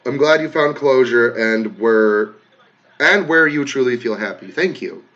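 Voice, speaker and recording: A man casually talking to his viewers, reading comments aloud, emotional and swearing freely, swinging from loud outbursts to soft, quiet thanks. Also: mid-range voice, animated, measured pace, highs cut off. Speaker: content creator reading comments.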